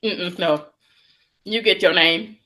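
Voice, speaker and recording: A woman's voice: lowish voice, slow pace, pushed and bright. A woman co-hosting a casual chat who states her opinions emphatically. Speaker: co-host.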